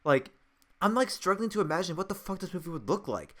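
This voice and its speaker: A man's voice: high voice, sing-song, quick pace, fairly bright tone. A man co-hosting a casual podcast chat, rambling with frequent restarts and laughter. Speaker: podcast co-host.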